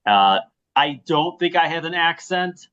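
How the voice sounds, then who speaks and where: A playwright from the Chicago area with a Midwestern accent, introducing himself casually in a hesitant, self-deprecating way. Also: male voice, on the high side, expressive, a little slow, fairly bright tone. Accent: Midwestern American. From Chicago area, USA. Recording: dull lo-fi audio.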